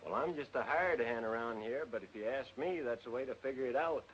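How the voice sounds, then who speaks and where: An actor playing a bashful hired hand. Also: male voice, mid-range voice, a little fast, natural voice. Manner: bashful rural drawl. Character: shy rural hired hand, middle-aged. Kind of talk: 1940s film acting. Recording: muffled old film soundtrack with faint hiss.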